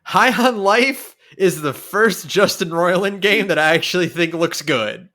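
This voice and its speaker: A man's voice: high-pitched, expressive, unhurried, sharp tone. A man co-hosting a podcast in casual chat, laid-back and wry. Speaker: podcast co-host.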